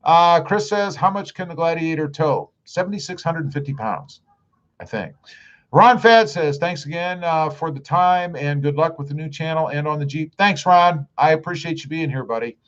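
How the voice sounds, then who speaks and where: A relaxed man chats through viewer comments on a live stream, drawling and dropping "uh" between lines. His voice sits a little high, and the stream audio sounds dull and lo-fi. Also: moderate pace. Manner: easygoing, drawling, frequent "uh" fillers. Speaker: YouTube live-stream host. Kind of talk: casual live chat, reading viewer comments aloud.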